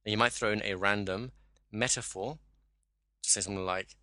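A man's voice: lowish voice, steady tone, fairly quick, pauses often, pushed and bright, dry recording. A man teaching a hypnosis class, explaining and acting out sample dialogue. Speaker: hypnosis trainer.

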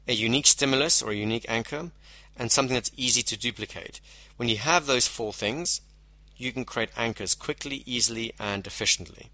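A man gives a measured lecture on hypnosis, explaining techniques step by step and slowing down to stress key phrases. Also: medium pitch, pushed and bright, no room sound. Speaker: hypnosis instructor. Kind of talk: teaching lecture.

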